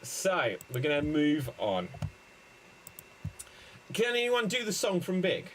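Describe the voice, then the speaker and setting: A man hosting an improv comedy show, breezy and jokey with quick asides. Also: fairly high pitch, huge pitch swings, fairly bright tone, slight background noise, low-quality recording.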